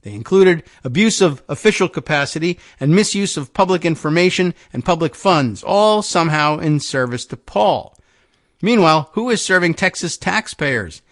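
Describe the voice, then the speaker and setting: A man's voice: on the high side, animated, moderate pace, fairly bright tone, dry recording, studio quality. A male host reading news aloud and breaking in with wry, sardonic asides.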